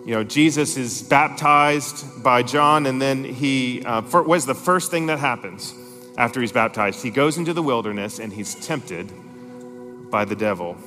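A man's voice: medium pitch, moderate pace, pushed and bright. Man preaching a sermon in a reverberant hall. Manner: emphatic, reads scripture aloud with rising intensity. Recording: long reverb in a large hall, faint music.

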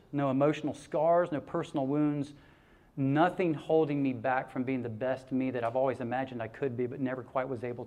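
A man preaching a sermon, telling stories in an animated way with laughter and acted-out quotes. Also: medium pitch. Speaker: pastor.

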